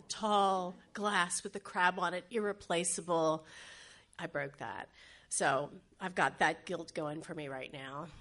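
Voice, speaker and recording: A woman's voice: low-pitched, a bit bright. A middle-aged woman tells a true personal story on stage, self-deprecating and acting out the voices of others.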